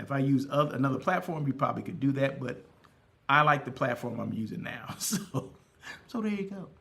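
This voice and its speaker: Gravelly-voiced man chatting on a livestream. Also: a little high, sharp tone. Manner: chatty, repeats himself, asks viewers questions. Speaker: hospitality livestream host. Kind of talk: casual livestream monologue. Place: hotel guest room.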